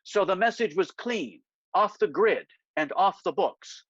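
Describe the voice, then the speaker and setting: A man's voice: high-pitched, expressive, measured pace, husky, dry recording, voice pushed up, full character voice. A man voicing an earnest, nervous young political aide who sounds a bit self-important. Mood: eager, nervous. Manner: earnest, nervous, slightly pompous. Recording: dry, slightly dull lo-fi sound.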